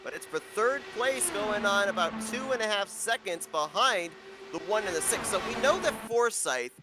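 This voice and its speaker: A man's voice: high-pitched, lively intonation, moderate pace, music in the background. A man doing play-by-play commentary on a live racing broadcast, talking in a conversational way with frequent fillers.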